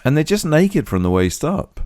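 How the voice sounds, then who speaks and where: A man co-hosting a podcast in a casual chat, his voice croaky from too much singing, wry and rambling with self-deprecating asides. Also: on the high side, very animated, moderate pace, darkish tone, no echo, studio quality. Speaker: podcast co-host.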